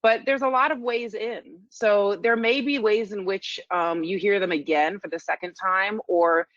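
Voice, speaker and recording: A woman's voice: medium pitch, fairly even intonation, unhurried, fairly bright tone, dry recording. Woman doctor on dull, dry call audio. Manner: conversational, loose, with thinking fillers. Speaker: physician presenter. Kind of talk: online lecture.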